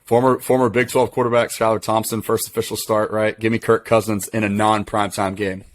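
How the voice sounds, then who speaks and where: A man's voice: fairly low pitch, level tone, fairly quick. A man co-hosting a casual sports podcast, chatty and confident as he makes his picks.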